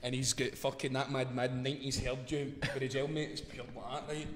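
A man's voice: mid-range voice, flat delivery, brisk, a crowd in the background. A young Scottish man telling a story in casual chat, sweary and laughing as he goes. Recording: long reverb.

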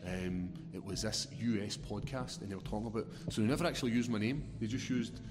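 Scottish male podcast guest, rapid, profane, animated storyteller; roomy reverb. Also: lowish voice, soft background music. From Scotland. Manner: swearing, laughing, animated storytelling. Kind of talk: casual podcast chat.

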